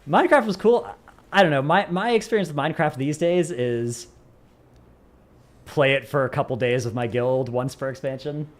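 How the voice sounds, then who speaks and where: Speaking at a moderate pace with a medium-pitched voice, this American streamer responds to his chat in a loose, rambling way. His humor is mostly self-mocking.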